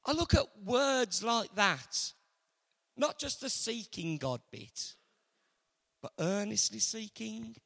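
A man preaching a sermon earnestly, moving between loud emphasis and hushed, intimate passages. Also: high-pitched, animated, slow pace, gravelly. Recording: long hall reverb.

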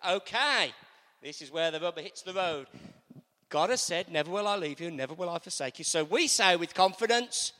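A man's voice: sits high, animated, moderate pace, sharp tone, big-room sound. A man preaching a sermon in a church, leading the congregation in call-and-response and repeating key lines.

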